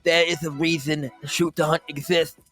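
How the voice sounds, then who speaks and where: A man's voice: a little high, flat delivery, normal speed, a bit bright, no room sound, soft background music. A man doing an impression of a brash, brooding male boxer in a comic podcast intro, half-singing his lines. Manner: dramatic, half-sung delivery.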